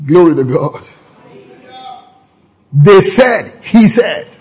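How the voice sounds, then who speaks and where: Animated preacher. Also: male voice, unhurried, breathy edge, poor audio. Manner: animated preaching, sudden jumps in pitch, repeated words for emphasis. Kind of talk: sermon.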